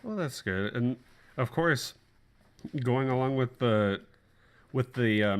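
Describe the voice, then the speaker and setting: A man co-hosting a casual podcast, laid-back, laughing along and muttering asides. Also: lowish voice. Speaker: podcast co-host.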